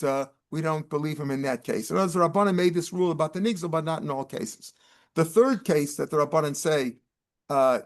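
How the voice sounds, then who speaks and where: An older man, teaching Talmud line by line and translating each Aramaic phrase into casual English. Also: a little high. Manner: explains Aramaic terms in casual American English, with restarts.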